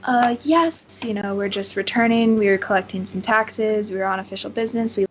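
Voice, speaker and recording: A woman's voice: mid-range voice, a little fast, slight background noise, close to an everyday voice. A woman voicing a disguised assassin who talks casually and evasively. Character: smooth-talking disguised assassin.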